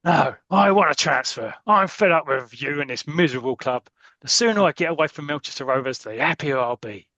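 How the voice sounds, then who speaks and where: A man voicing a bitter, hot-tempered young male footballer from a comic strip, in shrill, indignant outbursts. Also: a little slow, few pauses, a bit bright, no room sound, dull audio. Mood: furious.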